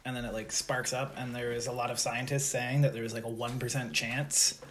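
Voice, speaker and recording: A young man hosting a podcast with friends, talking loosely and joking as he goes. His pitch sits in the middle of the usual range. A faint hiss of noise runs under the recording. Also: flat delivery, brisk, a bit bright. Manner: rambling, filler-heavy, joking. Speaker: podcast host. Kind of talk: casual podcast chat.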